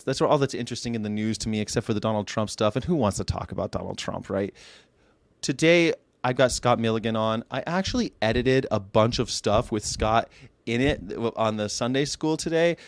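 A man's voice: mid-range voice, dry recording. A man from California hosting a podcast, chatting casually in a meandering way that often breaks off and restarts. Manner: meandering, self-interrupting talk. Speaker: podcast host.

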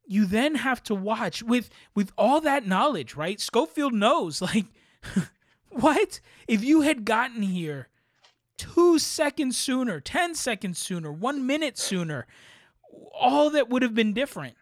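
A man's voice: high voice, sing-song, unhurried, no room sound, clean studio sound. A man co-hosting a podcast, earnestly and passionately praising a film's acting in casual chat. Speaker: podcast co-host. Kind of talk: casual film review chat.

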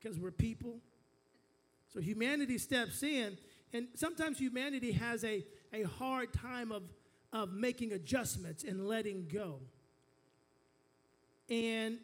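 A man's voice: sits high, unhurried. A man preaching a sermon as pastor, telling a family story, stumbling into restarts and calling on the congregation to repeat after him. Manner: storytelling with call-and-response to the congregation; frequent stammered restarts.

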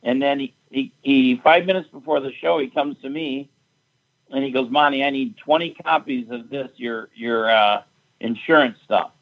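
A man's voice: mid-range voice, normal speed, highs cut off. Blunt profane man telling a story. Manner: blunt, profane, recounting quarrels with rising heat. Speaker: fight event promoter. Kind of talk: casual storytelling.

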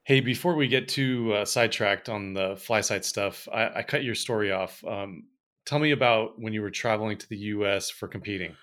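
Bright low-voiced male podcast host. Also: moderate pace. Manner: easygoing, steers the talk back with questions. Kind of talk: casual chat.

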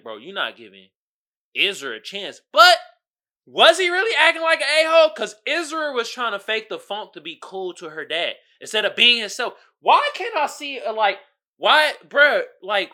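A young adult man hosting a podcast, casually ranting about a movie in an animated, exasperated, slangy way. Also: high-pitched. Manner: animated, exasperated, slangy with mocking put-on quotes. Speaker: podcast host reviewing a movie. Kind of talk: casual rant.

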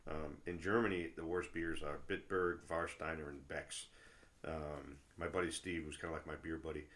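A middle-aged man chatting casually as a travel vlogger, rambling through stories with lots of fillers and restarts and getting worked up when he rants. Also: sits low. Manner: gets loud and worked up when ranting. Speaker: travel vlogger and tour guide. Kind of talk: casual chat.

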